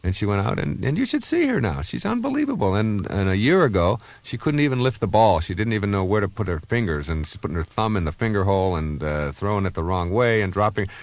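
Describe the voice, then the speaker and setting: A man in his fifties with a low voice that climbs and dips widely as he talks. He gives a recorded self-help talk in an earnest, conversational way, full of stories. The sound is dry and close. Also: sing-song, quick pace, hardly any pauses, dry recording. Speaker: self-help author and speaker.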